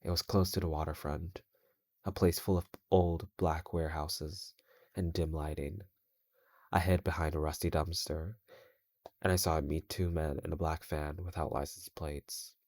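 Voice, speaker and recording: A man reads scary stories aloud in a steady, measured voice while gaming, slowing down on the tense parts. His voice sits extremely low, and the sound is close and dry with no room around it. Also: dry recording. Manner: measured, steady reading with slow stretches. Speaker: channel host reading stories. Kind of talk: horror story reading while gaming.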